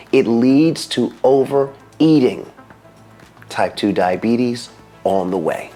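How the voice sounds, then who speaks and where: A mid-pitched man hosting a casual health video, talking in a folksy, animated way and jumping up in pitch when he stresses a point. Joking asides break up the advice. Faint music plays underneath. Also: slow pace. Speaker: dentist giving health advice.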